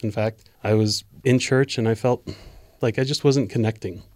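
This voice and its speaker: A man co-hosting a faith discussion, telling a personal story in an earnest, measured way. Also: mid-range voice, steady tone, a little mellow, no echo, clean studio sound.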